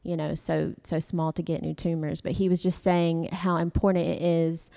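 A woman's voice: fairly low pitch, little pitch movement, normal speed, vocal fry, mellow. A young woman giving a heartfelt personal testimony in church, rambling a little with fillers and restarts.

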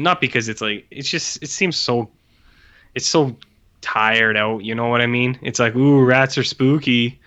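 A man chats casually as a podcast co-host, rambling through jokes and the odd curse. His voice is bright and forceful. The recording sounds a little muffled and lo-fi. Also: medium pitch, smooth. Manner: rambling, jokey and profane. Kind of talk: casual chat. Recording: dull lo-fi sound.

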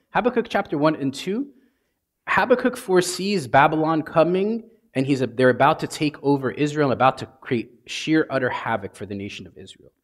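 A man, a priest, giving a conversational sermon and acting out prayers in everyday speech. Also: fairly high pitch.

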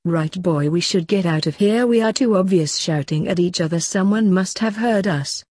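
A woman voicing a tired, resigned man on the run, a father figure, in a husky voice. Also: fairly low pitch, moderate pace, darkish tone, dry recording, studio quality. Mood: weary.

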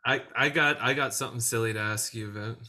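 A man's voice: medium pitch, fast, pushed and bright. A man hosting a casual podcast, asking questions with hesitant ums and restarts. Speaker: podcast host. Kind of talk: casual chat.

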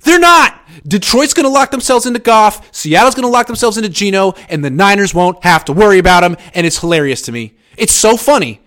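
Animated, sarcastic man talking sports. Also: fairly quick, few pauses. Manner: animated, sarcastic, jumps up in pitch for emphasis. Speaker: sports show host reading viewer comments. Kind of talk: casual live sports chat.

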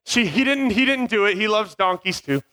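High, bright-voiced man telling a comic story. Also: normal speed. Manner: animated, self-mocking, acts out sounds. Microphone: small mic near his beard.

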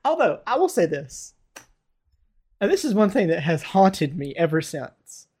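A man's voice: sits high, measured pace, slightly rough. A man in his twenties from the United States, telling rambling stories over a video call in casual chat. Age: 20s. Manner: rambling, animated storytelling with laughs.

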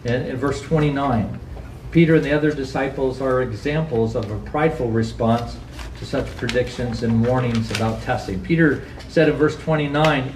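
A pastor delivers a sermon in an echoey church sanctuary, preaching earnestly, acting out quotes and rising to high, emphatic questions. His slightly mellow voice moves at a moderate pace, picked up by a distant mic with a little hiss or hum.

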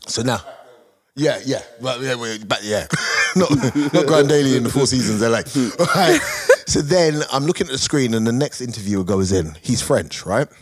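A man, a comedian telling animated stories on a podcast panel. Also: mid-range voice, normal speed, slightly rough. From Britain. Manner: animated anecdote-telling with quoted voices. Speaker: guest comedian. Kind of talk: casual storytelling on a podcast panel. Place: studio.

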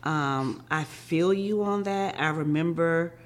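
A woman hosting a podcast, speaking calmly and encouragingly to her guest and listeners. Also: low voice, takes it slowly, slight background noise. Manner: calm, encouraging. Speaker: podcast host. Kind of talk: casual podcast chat.

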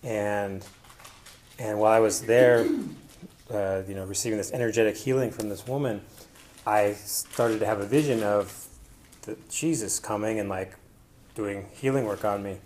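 A man's voice: on the low side, fairly even intonation, moderate pace, a little mellow, a little hiss or hum. A man presenting to an audience in a casual personal style, rambling with many fillers and restarts. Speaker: conference presenter.

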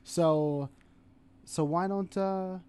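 A young man with a New York accent co-hosting a podcast in casual chat, animated and teasing, laughing often. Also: high-pitched, very slow, clean tone. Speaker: podcast co-host.

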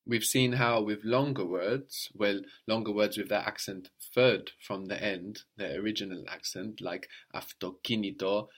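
A man's voice: on the low side, steady tone, unhurried, few pauses. A man teaching a spoken language lesson, explaining patiently step by step and prompting a student to answer.

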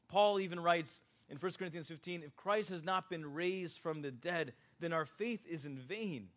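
A man's voice: fairly high pitch, fairly bright tone. A man preaching a sermon in a conversational, joking way, talking directly with his congregation. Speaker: pastor.

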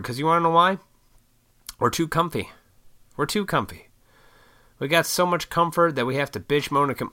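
A man from Illinois ranting in a casual solo monologue, blunt and profane, with mocking high-pitched put-on voices. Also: sharp tone. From Illinois, USA. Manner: works in restaurants.

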